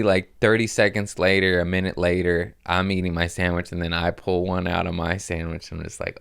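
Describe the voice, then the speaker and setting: A man's voice: deep voice, flat delivery, a little fast, gravelly, hardly any pauses, a bit bright, smooth, dry recording, studio quality. A man, a stand-up comic hosting a podcast, telling stories in a casual, rambling way, laughing often and swearing freely. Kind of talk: casual storytelling chat.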